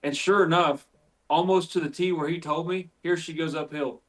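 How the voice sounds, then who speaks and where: A man's voice: on the high side, steady tone, moderate pace, fairly bright tone. A man from West Virginia, a podcast guest, telling tracking stories in a rambling way full of fillers. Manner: rambling, filler-heavy storytelling. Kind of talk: casual chat.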